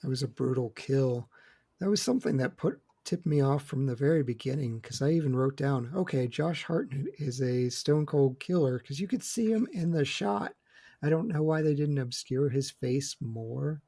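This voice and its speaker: A man's voice: mid-range voice, expressive, normal speed, creaky, mellow. A man co-hosting a casual film podcast roundtable, chatty and opinionated with joking asides. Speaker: podcast co-host.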